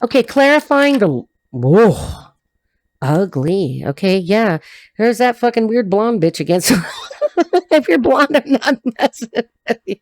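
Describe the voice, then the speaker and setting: A woman's voice: fairly high pitch, very animated, measured pace, a little mellow, no room sound. A woman giving a casual tarot reading to camera, blunt and profane, laughing often, her voice cracking a little. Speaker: tarot reader and life coach.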